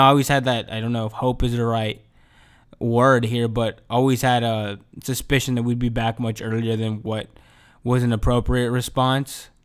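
A man hosting his own podcast in a rambling, profane solo rant, dropping to low mumbles and then rising to excited outbursts. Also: clean tone. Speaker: podcast host. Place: home.

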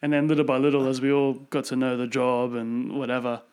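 A man's voice: mid-range voice, monotone, brisk, a little mellow, smooth. A man co-hosting a podcast, chatting about films with enthusiasm and frequent laughter. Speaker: podcast co-host. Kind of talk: casual film chat.

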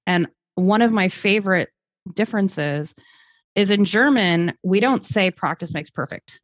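Speaking at a measured pace with a medium-pitched voice, a woman living in Germany joins a podcast conversation as a guest, explaining her thinking with restarts and fillers. Audio is dull, dry lo-fi without any room sound.

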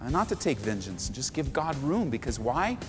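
A man preaching a sermon as pastor, animated and dramatic, acting out prayers with big swings in pitch and loudness. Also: moderate pace, long reverb tail, music in the background.

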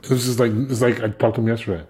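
A man's voice: mid-range voice, fast, husky. A man, a guest musician, telling anecdotes in a casual chat, laughing often and repeating words as he goes. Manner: animated storyteller, laughs a lot, repeats words.

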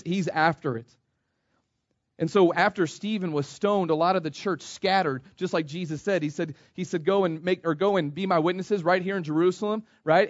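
A man's voice: on the high side, no echo, dull audio. A man from the United States preaching a sermon, repeating himself and calling the congregation "church". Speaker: pastor.

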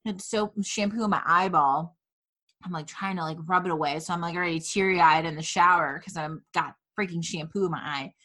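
A woman's voice: fairly low pitch, a little fast, bright, forceful tone. A woman hosting a casual chat show, telling a story dramatically with plenty of swearing and laughter. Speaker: podcast host.

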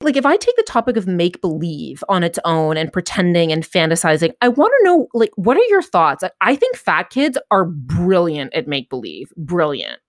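A woman's voice: fairly low pitch, sing-song, normal speed, few pauses, no room sound, studio quality. A woman hosting a podcast, chatting candidly and with self-mocking humor, with casual swearing. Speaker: podcast host. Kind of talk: casual chat.

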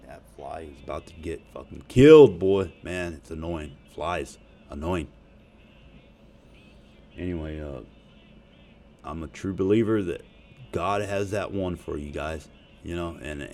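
A man's voice: low-pitched, gravelly, darkish tone, slight background noise. A man rambling profanely and jokingly in a casual monologue to his audience. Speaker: vlogger.

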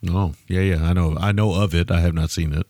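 A man co-hosting a podcast, talking in a laid-back, measured way. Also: sits low, fairly even intonation, warm tone, dry recording, studio quality. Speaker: podcast co-host. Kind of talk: casual chat.

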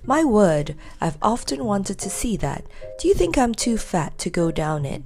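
A woman's voice: medium pitch, sing-song, measured pace, darkish tone, soft background music. A woman reading as a jolly, exclaiming old Santa Claus. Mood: delighted.

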